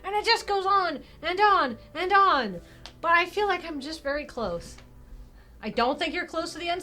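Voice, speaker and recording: A young woman streamer casually commenting on a game, animated and exasperated. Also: very high voice. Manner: animated, exasperated, quick asides.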